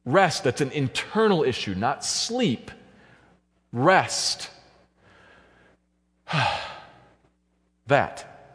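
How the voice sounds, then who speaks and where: A man preaching a sermon, walking through a passage and building to fervent, high-pitched emphasis. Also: big pitch swings, drawn-out words, pauses often. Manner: builds to loud, high-pitched fervor at climaxes. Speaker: pastor. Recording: long church hall reverb.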